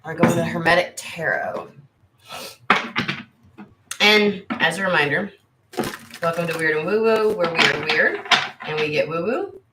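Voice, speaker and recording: Low-voiced American woman chatting in an echoey room. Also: lively intonation, measured pace, pauses often, very noisy. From United States. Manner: rambling, candid, swears freely. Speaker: tarot reader and channel host. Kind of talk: casual livestream chat with viewers.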